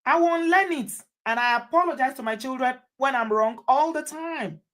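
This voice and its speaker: A host with a high, somewhat bright voice talks at normal speed, offering viewers advice forcefully and echoing her key lines for effect.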